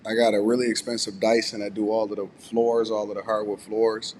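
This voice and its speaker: A man hosting a casual live stream from home, relaxed and a bit groggy with a slightly raspy voice, chatting and reading viewer messages aloud. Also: on the low side, a little fast, big-room sound, a little hiss or hum. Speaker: host.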